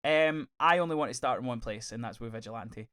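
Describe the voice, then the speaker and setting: A man co-hosting a podcast, chatting in a gushing, sweary, animated way. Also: medium pitch, brisk, slight background noise. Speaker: podcast co-host. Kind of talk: casual review chat.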